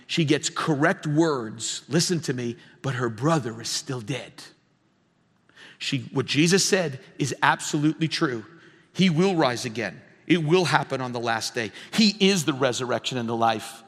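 A man's voice: on the high side, fairly bright tone. A man preaching a sermon to students, emphatic and repetitive, building to fervent peaks. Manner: emphatic, repeats phrases, rises to fervent peaks. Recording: long hall reverb.

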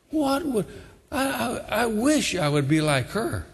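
Husky high-voiced male preacher. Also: very animated, measured pace, long reverb tail. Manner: emphatic, repetitive, exhorting. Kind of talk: sermon.

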